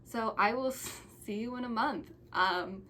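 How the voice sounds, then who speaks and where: A woman's voice: fairly high pitch, unhurried, bright, forceful tone. Young woman about 20 vlogging, rambling and stumbling over her words, kinda sappy, faint hiss behind. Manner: rambling, restarts and stumbles, sentimental. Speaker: YouTuber. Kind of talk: casual thank-you vlog.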